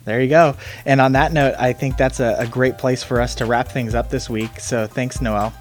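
A man hosting a podcast interview, talking in a relaxed, conversational way. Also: medium pitch, normal speed, faint music behind. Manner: relaxed, conversational, some restarts. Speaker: podcast host.

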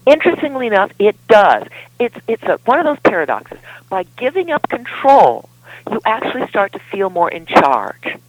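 Lively, emphatic woman relationship expert. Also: medium pitch, normal speed, dry recording, lo-fi sound. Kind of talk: podcast interview.

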